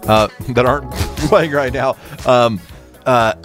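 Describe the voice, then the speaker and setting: A man's voice: mid-range voice, fairly even intonation, slow, music in the background. A man co-hosting a podcast, swapping crude jokes with frequent stammered restarts and chuckles. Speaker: podcast co-host. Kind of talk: crude comedic banter.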